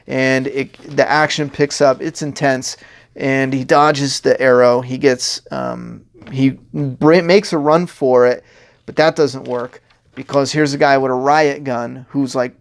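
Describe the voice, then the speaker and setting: A man's voice: mid-range voice, vocal fry. A man talking casually as a comic writer, walking through his pages in a rambling way, often laughing and acting out characters' lines. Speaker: comic writer giving commentary.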